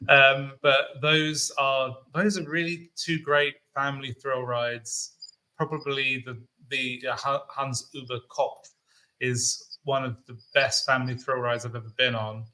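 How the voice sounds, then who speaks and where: A man's voice: medium pitch, a little slow, low-quality recording. A man from the UK co-hosting a podcast, talking casually with frequent ums. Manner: relaxed, hesitant with fillers. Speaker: co-host. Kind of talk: casual enthusiast chat.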